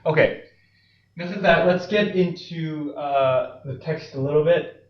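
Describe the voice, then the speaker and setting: A man giving a seminary Bible study lecture, unhurried, with filler ums and frequent "right?" and "okay?" checks. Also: on the high side. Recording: roomy, distant, slightly dull lecture recording.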